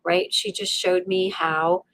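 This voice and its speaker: A middle-aged woman speaks as an interview guest, telling a personal story in a lively, conversational way. She keeps reaching for "you know" and "like" and slips into her own inner voice as she tells it. Her voice sits at an ordinary pitch and is recorded close and dry. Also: slow, gravelly, dry recording. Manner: many fillers and restarts like "you know" and "like". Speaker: podcast guest.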